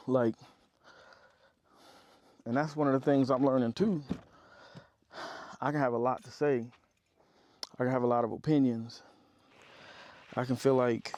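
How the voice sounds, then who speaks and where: Worn out from digging, a man vlogs from his off-grid homestead, rambling on to his viewers and calling them "y'all." He's talkative and casual, with a mid-range, darkish voice and no room sound.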